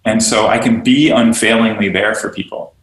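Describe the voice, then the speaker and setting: This podcast guest, a yoga studio owner and teacher trainer, has a voice on the low side with fairly even intonation, normal speed and a fairly bright tone. He speaks earnestly and animatedly about teaching and belonging, often voicing the people he quotes, and the recording has a roomy echo.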